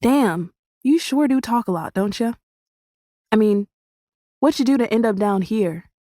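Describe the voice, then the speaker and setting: A woman doing a gruff, terse male prisoner. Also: fairly high pitch, lively intonation, a little slow, warm tone, dry recording, studio quality. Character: gruff older male prisoner, blunt and weary.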